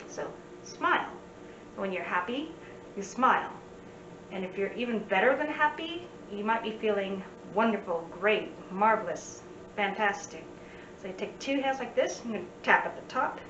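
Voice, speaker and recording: A woman's voice: medium pitch, a bit bright. Casual, playful woman teacher, recorded from across an echoey room. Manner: chatty, playful asides. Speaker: sign language teacher. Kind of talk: casual spoken lesson. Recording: roomy, distant, dull sound, faint hiss.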